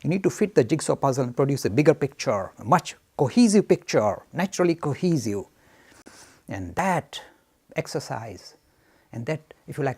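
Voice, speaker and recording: A man giving an emphatic, animated lecture that answers audience questions and is full of anecdotes. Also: fairly high pitch, vocal fry, breathy edge. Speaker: speaker on Hinduism.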